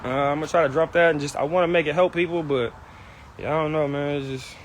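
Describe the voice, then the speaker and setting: A man's voice: fairly high pitch, steady tone, quick pace, a little hiss or hum. A young man ranting on a live stream about his family, heated and profane, often repeating himself. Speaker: livestreamer venting about family. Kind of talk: unscripted live rant.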